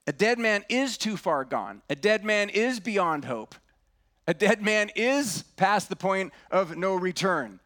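A middle-aged man preaching a sermon in an earnest way, dropping to a hush on key words. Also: sits high, sing-song, slow pace. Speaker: pastor.

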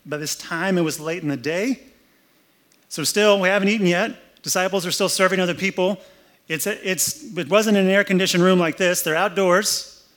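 A pastor with a fairly high, slightly bright voice delivers a conversational, humorous sermon, acting out scenes from the story. He is indoors in an air-conditioned room.

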